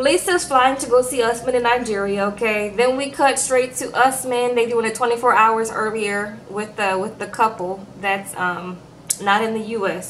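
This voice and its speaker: A woman's voice: medium pitch, fairly bright tone, a little hiss or hum, rough recording. A woman giving a casual, chatty recap of a reality show, talking straight to her viewers with lots of fillers. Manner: chatty, addresses viewers directly with frequent fillers.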